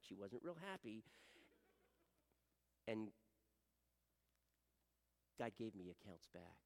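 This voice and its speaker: A middle-aged man preaching a sermon as pastor, animated and swinging from quiet asides to loud emphatic pleading. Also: fairly low pitch, vocal fry. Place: church sanctuary. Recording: long hall reverb.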